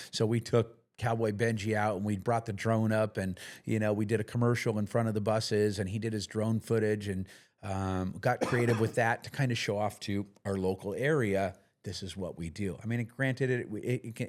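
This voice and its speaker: A man's voice: on the low side, a little mellow. A middle-aged man talking casually as a podcast guest, plain-spoken, with lots of fillers and restarts. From United States. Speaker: podcast guest, business owner. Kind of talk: casual interview talk.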